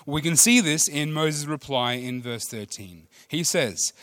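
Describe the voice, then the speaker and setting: A man preaching a sermon, swinging between loud emphatic lines and hushed ones. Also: a little high, expressive, a little slow, few pauses, dry recording. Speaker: pastor.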